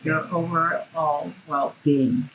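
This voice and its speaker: A woman's voice: deep voice, steady tone, fairly bright tone, muffled recording, slight background noise. A woman interviewer who asks questions and carefully clarifies what she means. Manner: measured, careful explanations.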